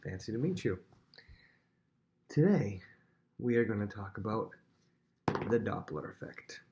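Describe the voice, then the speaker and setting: A man's voice: lowish voice, expressive, a little slow, noisy background. A man teaching a physics lesson on video, talking casually and directly to students at home. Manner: casual, chatty, talks straight to students at home.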